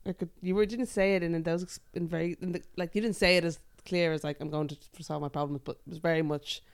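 A woman's voice: lowish voice, fairly even intonation, fast, clean tone. A woman co-hosting a podcast, reacting with dry, teasing remarks and laughing along. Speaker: podcast co-host. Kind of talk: casual chat.

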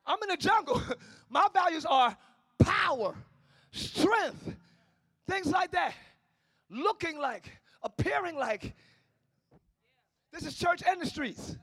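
High bright-voiced male preacher. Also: expressive, slow pace, long pauses. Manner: preaching with call-outs, shifting between shouting and low tones. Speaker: pastor. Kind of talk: sermon. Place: church sanctuary.

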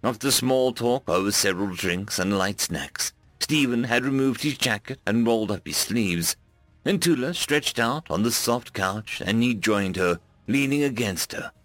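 A man narrating a science fiction story in an even, unhurried manner. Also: medium pitch, no echo, soft background music. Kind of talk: audiobook narration.

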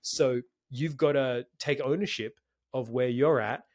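Man, mid pitch, casual podcast chat, fillers, swears now and then. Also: unhurried. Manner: relaxed and conversational, with filler words and swearing. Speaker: podcast co-host.

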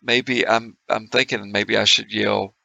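A man's voice: fairly low pitch, level tone, unhurried, gravelly, bright, forceful tone, no echo. A man playing a tabletop game, swearing and thinking aloud. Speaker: player. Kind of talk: casual tabletop play.

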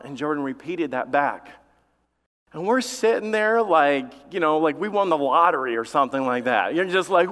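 A middle-aged man preaches in a church sanctuary, his fairly high voice ringing with a long hall reverb. He talks in a conversational, storytelling way, laughing now and then and pushing up for emphasis. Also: moderate pace, a bit bright. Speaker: pastor. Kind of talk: sermon.

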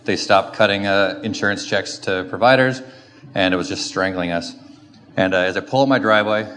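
A middle-aged man giving a lively personal testimony in church, acting out his own frustrated rants as he tells the story. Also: low-pitched, brisk. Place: church sanctuary. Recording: echoey hall with faint background noise.

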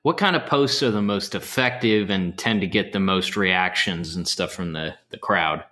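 Male interviewer, fairly low voice, brief curious questions. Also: normal speed, pushed and bright.

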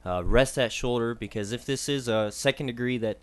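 A young man who is the medical contributor on a casual sports podcast. He explains injuries in a measured way, with frequent ums and uhs. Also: mid-range voice, clean tone.

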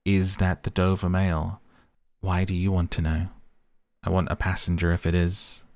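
A man voicing a suspicious armed male coach guard who barks loud challenges in an audiobook. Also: deep voice, completely flat delivery, normal speed, no room sound, clean studio sound. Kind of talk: audiobook character voice.

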